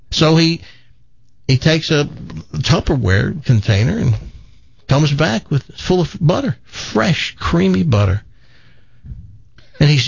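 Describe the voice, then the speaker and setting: A male radio host spins a country joke, his voice gravelly and a bit husky, rising and falling a lot as he plays each character. The sound is dry and slightly muffled, like off-air broadcast audio. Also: on the high side, sing-song, slow, long pauses, dry recording. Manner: folksy storyteller doing character voices.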